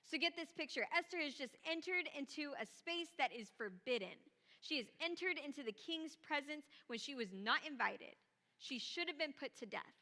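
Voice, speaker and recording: A woman preacher delivering a sermon in a church, retelling scripture with lively, casual asides. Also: sits high, normal speed, long reverb tail. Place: church auditorium.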